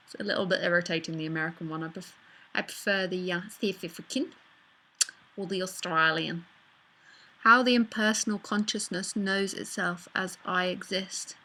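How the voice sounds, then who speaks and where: A woman's voice: lowish voice, moderate pace, sharp tone, low-quality recording. A middle-aged woman spiritual teacher speaking casually and bluntly in a live online talk. She answers viewer messages, swears now and then and laughs often.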